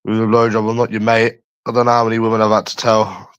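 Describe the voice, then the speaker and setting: A man's voice: on the low side, completely flat delivery, fast talker, clean tone, dry recording. A young man from London chatting on a livestream, crude, taunting and repeating himself as he answers viewers. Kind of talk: casual chat answering viewers.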